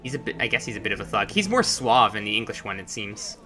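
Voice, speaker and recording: Bright-voiced man chatting over gameplay. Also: lowish voice, sing-song, fast talker, faint music behind. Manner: chatty, musing asides. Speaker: gameplay commentator. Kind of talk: casual let's-play commentary.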